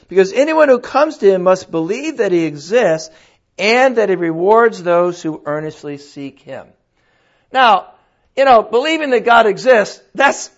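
An older man preaches in a loose, folksy way, asking his listeners question after question. His voice sits high. The recording is dull and lo-fi. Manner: conversational, folksy, with rhetorical questions. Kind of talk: sermon.

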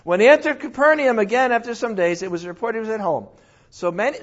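A man teaching the Bible verse by verse in a lively way, often exclaiming and correcting himself. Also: very high voice, muffled recording.

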